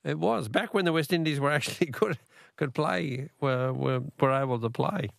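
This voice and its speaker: Running a talkback radio quiz from the studio, an Australian man with a slightly high, gravelly voice speaks at a moderate pace. He chats comfortably, repeating the question to draw callers in. The recording is close and dry, with no room sound.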